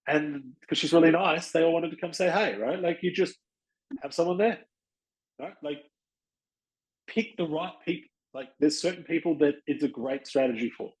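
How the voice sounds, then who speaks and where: An Australian man hosting a podcast, giving casual, blunt coaching advice and acting out quick exchanges with people. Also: on the high side, a little mellow, rough recording. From Western Australia. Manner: blunt, chatty, acts out little dialogues with people. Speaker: podcast host and chiropractic practice coach.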